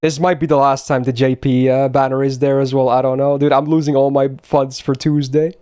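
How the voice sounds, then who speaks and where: A man's voice: mid-range voice, little pitch movement, fairly quick, dark tone, clear, resonant tone. A young man chatting casually on a live stream, blunt and swearing often as he talks to his chat.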